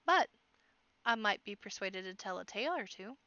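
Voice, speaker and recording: A woman's voice: mid-range voice, expressive, normal speed, sharp tone, no room sound, muffled recording. A woman voicing an old, wry rabbit bard who mutters knowing put-downs.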